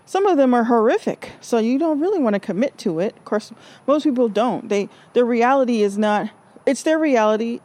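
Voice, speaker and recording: A woman's voice: fairly high pitch, warm tone. A woman from Alaska giving an earnest spiritual monologue, often rephrasing herself and acting out the voices of people she quotes. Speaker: spiritual speaker. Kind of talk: reflective spoken monologue.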